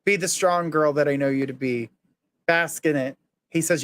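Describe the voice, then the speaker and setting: A man's voice: fairly high pitch, moderate pace, a bit bright. A man hosting a live psychic reading, earnestly relaying messages and reassurance. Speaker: psychic medium host.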